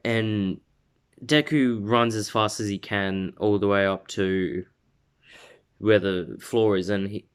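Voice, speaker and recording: Rambling low-voiced young man. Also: fairly even intonation, slow pace, smooth. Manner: rambling, filled with "like". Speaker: storyteller. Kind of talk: casual fan-story retelling.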